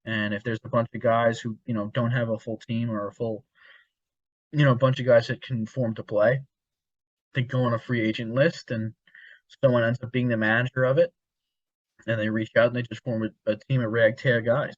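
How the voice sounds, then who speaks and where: A man's voice: medium pitch, little pitch movement, moderate pace, dry recording. A young man co-hosting a podcast, telling long rambling stories with frequent laughs and casual swearing. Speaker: podcast co-host. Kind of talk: casual chat. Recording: dull dry lo-fi sound.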